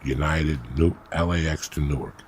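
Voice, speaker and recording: A man telling a profane comic story in a brash, animated way, acting out the voices of the people in it. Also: a bass voice, normal speed. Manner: brash, animated, acts out quotes. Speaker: podcast storyteller. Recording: roomy echo with faint noise.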